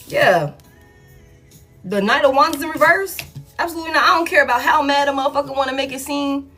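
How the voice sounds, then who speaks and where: A fairly high-pitched woman doing a live tarot reading. She talks bluntly and emphatically, swears freely and keeps repeating her refusals to drive them home. Soft music plays faintly behind her. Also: lively intonation, moderate pace, long pauses. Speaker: tarot reader. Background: faint background music.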